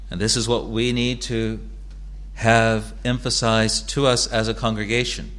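A man's voice: mid-range voice, a bit bright. Earnest male pastor preaching. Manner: earnest, measured preaching with repeated phrases. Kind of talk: sermon.

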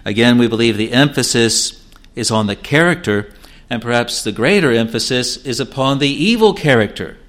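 A man preaching a sermon, measured and emphatic, often repeating words and phrases. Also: medium pitch, expressive, fairly bright tone. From New Zealand.

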